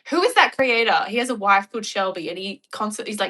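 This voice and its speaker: Woman streamer, bright voice, playful chat with viewers. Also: medium pitch, lively intonation, a little fast, hardly any pauses. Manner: chatty, playful, laughs often. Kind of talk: casual chat.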